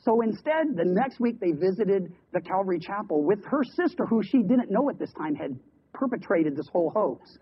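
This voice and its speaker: A man preaching a sermon, telling a story with quick asides and repeated words. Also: sits high, lively intonation, slightly rough. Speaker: pastor. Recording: dull lo-fi radio broadcast.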